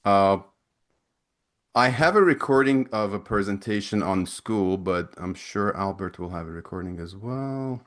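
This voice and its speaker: Low-voiced man answering chat questions. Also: animated, a little slow, a bit bright. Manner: loose and chatty, many restarts, reads out chat questions. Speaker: webinar presenter, ex-recruiter. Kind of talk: casual Q&A from chat.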